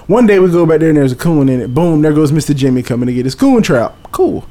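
A man, telling a story in casual chat, animated and profane, acting out voices and sounds. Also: fairly high pitch, fast talker.

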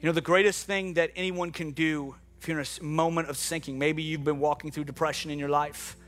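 A man with a high, bright voice preaches a sermon to a church congregation. He moves between hushed, reflective passages and impassioned, shouted appeals, with soft music under him. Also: steady tone, brisk. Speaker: pastor. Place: church hall with live and online congregation.

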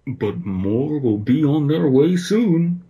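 A man's voice: on the high side, big pitch swings, slow, warm tone, pitched above the performer's own voice, heavily acted. A man putting on a muffled, sinister bear mascot voice. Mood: eerie calm. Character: sinister masked bear host of a children's show, calm and eerie.

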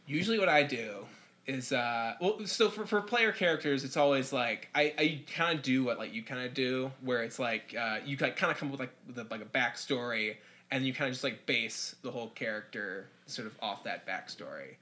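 A man's voice: medium pitch, moderate pace, sharp tone. A man talking as a podcast guest in a casual chat, who rambles with lots of fillers. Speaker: podcast guest, dungeon master.

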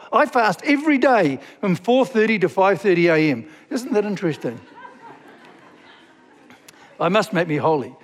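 A man preaching a sermon as a pastor, reading scripture slowly and asking the congregation questions. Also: sits high, in a large hall.

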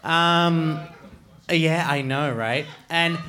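A man's voice: on the high side, extremely slow, sharp tone. Australian guy, casual co-host, rambling self-deprecating anecdotes. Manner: rambling, self-deprecating storytelling with many restarts. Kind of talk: casual chat.

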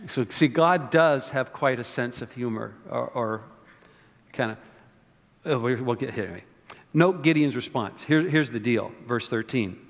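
A man's voice: mid-range voice, normal speed. Preaching man in a reverberant hall. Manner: conversational preaching, repeats words, rhetorical questions. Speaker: pastor. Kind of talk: sermon.

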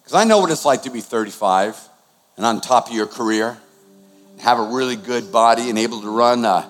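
A man's voice: medium pitch, a little fast, slight background noise. A man, preaching a conversational sermon with sudden swings in volume. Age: 60s. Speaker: pastor. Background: new-age music.

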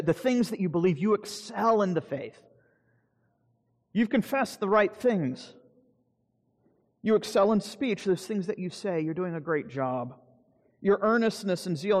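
A male pastor with a slightly raised voice delivers an earnest sermon, pushing up on key phrases and sinking low at the end of each point. The sound carries a long church-hall reverb.

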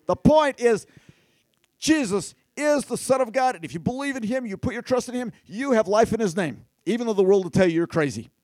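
A man preaching a sermon, animated and talking straight to his listeners, at times rising to near-shouts. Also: high-pitched, brisk, dry recording. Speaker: pastor.

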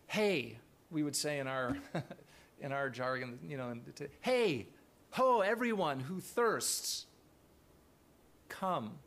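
A man's voice: a little high, a bit bright. Earnest man preaching a sermon. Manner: earnest, thoughtful, with frequent restarts. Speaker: pastor.

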